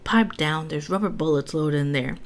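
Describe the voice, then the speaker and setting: A woman with a low voice, reading aloud and voicing a blunt, pushy grandfather in a story. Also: normal speed. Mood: warning. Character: gruff grandfather, blunt and brash.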